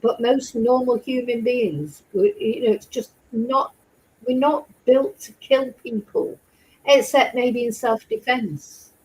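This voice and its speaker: A woman's voice: a little high, steady tone, takes it slowly, darkish tone, poor audio. A woman hosting a true crime channel, chatting casually with her viewers. She rambles and keeps asking rhetorical questions. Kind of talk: casual chat with live chat viewers.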